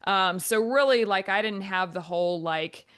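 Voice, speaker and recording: A woman in her forties, a volleyball coach, answering podcast interview questions in long, rambling answers with a naturally monotone voice. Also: medium pitch, moderate pace, smooth. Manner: talks in long flowing answers with many fillers.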